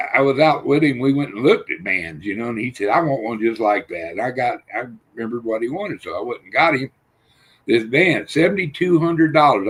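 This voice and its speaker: An older man on a livestream panel, telling rough, profane stories and acting out the voices in them. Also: mid-range voice, fairly bright tone. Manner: rough-spoken, swears freely, acts out quotes. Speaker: panel guest. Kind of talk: casual storytelling on a livestream panel.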